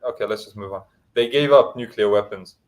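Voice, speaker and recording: Low-voiced man chatting casually on a call. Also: rough recording. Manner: chatty, jokey, quick to argue. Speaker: podcast co-host. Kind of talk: casual chat.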